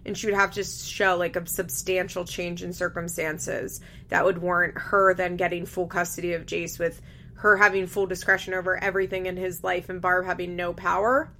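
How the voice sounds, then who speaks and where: A woman's voice: on the low side, little pitch movement, normal speed, bright, forceful tone, slight background noise. A young woman chatting casually as she recaps a reality show, candid, laughing often and swearing freely. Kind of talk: casual chat.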